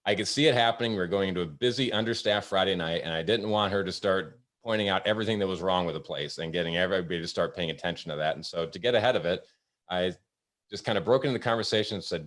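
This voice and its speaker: A man with a very low, deep voice hosts a casual webinar. He tells work stories at an easygoing pace, pausing often with ums and uhs, speaking over what sounds like a video call. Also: fairly bright tone. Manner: storytelling, halting with many fillers. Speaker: host. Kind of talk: casual webinar talk with anecdotes.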